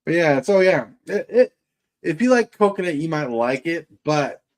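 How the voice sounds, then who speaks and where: A man hosts a casual livestream, rambling along and greeting viewers by name. His voice is a little high and sing-song with a darkish tone, and he talks at a moderate pace.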